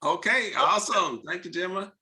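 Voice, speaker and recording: A man leads a team video call as its host, coaxing everyone to speak up with question after question. His voice is very bright and forceful, sitting a little high for a man. He sounds lively and keeps pushing the group to join in. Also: moderate pace. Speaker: real estate team leader hosting a video call. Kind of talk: motivational coaching talk.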